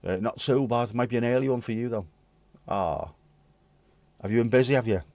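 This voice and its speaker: Here the British livestream host, from the UK, riffs on chat messages in a loose, cheeky way, mixing in profanity and gags for his live chat readers. His mid-range voice has a darkish tone and a slightly quick pace, recorded dry.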